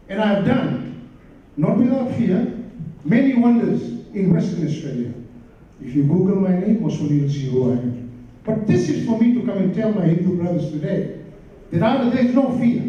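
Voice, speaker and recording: A man's voice: high-pitched, mellow. Older man from Fiji, emphatic floor speech. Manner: emphatic, rousing. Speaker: audience member giving a comment. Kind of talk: impassioned conference floor speech. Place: large conference hall. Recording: echoey hall, far from mic, dull.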